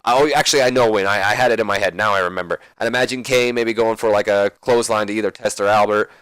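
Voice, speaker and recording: A man's voice: lowish voice, quick pace, fairly bright tone, clear, resonant tone, dry recording. A young man casually recapping a wrestling game, rambling and swearing, correcting himself often. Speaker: let's play commentator.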